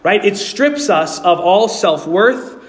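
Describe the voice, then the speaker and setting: With a high-pitched, expressive voice, a New York City pastor takes his time through a sermon, earnestly questioning his congregation while he explains. The recording has a long hall reverb.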